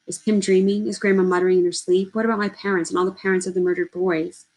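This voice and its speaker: A woman reads a novel aloud, measured and steady, in a lowish voice. Short lines land one after another in an even telling. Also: low-quality recording. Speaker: audiobook reader.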